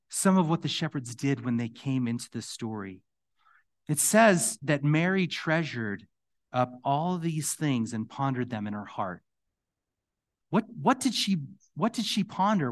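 A middle-aged man preaching a conversational sermon as pastor, his voice going hoarse, rising to emphatic questions. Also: medium pitch.

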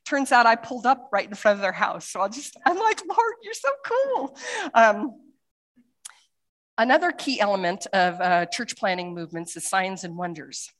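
A woman missionary speaking to a church congregation in a loose, chatty way, stumbling through restarts and fillers. Her voice sits at a middle pitch, and she jumps into little acted quotes as she tells her stories. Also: normal speed. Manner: lively storytelling with acted quotes. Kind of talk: church talk with slides.

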